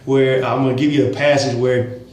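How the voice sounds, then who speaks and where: A man's voice: medium pitch, flat delivery, brisk, darkish tone, a little hiss or hum. Emphatic man vlogging in an echoey room. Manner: emphatic, chuckling asides. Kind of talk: casual religious commentary monologue.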